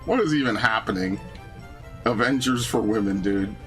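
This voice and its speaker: Over soft background music, a young gaming-channel host with a fairly low voice talks at a moderate pace while playing. His casual chat turns into profane, animated rants full of "bro" and "dude."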